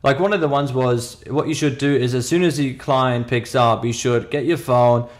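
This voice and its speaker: There's a little hiss or hum behind this medium-pitched man talking at normal speed. He's a thirty-something podcast co-host with a foreign accent in English, emphatically telling a story in casual chat with many restarts.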